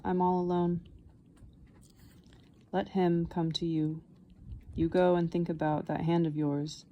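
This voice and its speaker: A woman reading the part of a soft-spoken, patient old man in an audiobook, explaining things calmly. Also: lowish voice, muffled recording. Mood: tender. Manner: calm, unhurried explaining.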